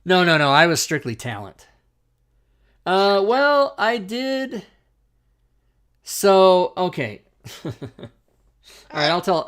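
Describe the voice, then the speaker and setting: A middle-aged man hosting a talk show, telling an animated, profane anecdote in casual chat. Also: on the high side.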